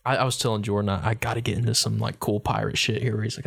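A man's voice: lowish voice, level tone, fast talker, creaky, a bit bright. A man co-hosting a podcast in casual chat, giddy and giggly, often restarting his sentences. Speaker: podcast co-host.

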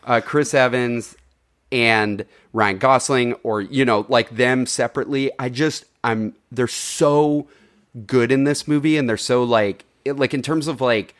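A man talks through a film review in a relaxed podcast chat, voice sitting in a middle pitch. He rambles, stacks up filler words and swears without a second thought. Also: unhurried. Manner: rambling, lots of "like", swears freely. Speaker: podcast co-host reviewing films. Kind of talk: casual chat.

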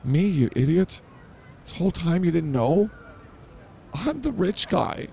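A man's voice: a little high, big pitch swings, a little slow, creaky, mellow, a little hiss or hum. A man hosting a comedy podcast who blurts things out and mocks himself in improvised banter. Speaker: podcast host.

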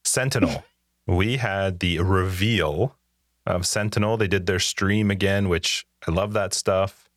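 Brief: very low-voiced male podcast co-host, rambling chatty delivery, dry sound. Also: measured pace, no echo. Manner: rambling, restarts sentences often. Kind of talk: casual gaming chat.

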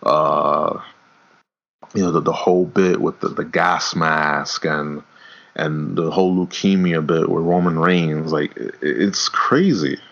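A man with a very deep voice talks through a casual wrestling podcast. He rambles, restarts his sentences and swears freely. The recording sounds dull and lo-fi. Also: slow, vocal fry, a bit bright. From New York. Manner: rambling, repeats words, swears. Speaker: podcast co-host. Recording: dull lo-fi audio.

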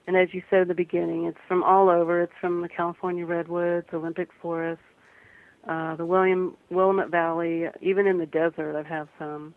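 A woman from the American Midwest, a guest photographer and author, speaking earnestly and gently with some restarts in a radio interview. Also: lowish voice, little pitch movement, brisk. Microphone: phone. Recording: tinny phone line.

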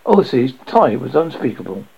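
Man, story reader, gravelly husky voice, stumbles over words, dull lo-fi recording. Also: medium pitch, big pitch swings, brisk, mellow. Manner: stumbles and restarts while reading. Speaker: audiobook reader. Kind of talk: reading a story aloud. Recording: dull lo-fi audio.

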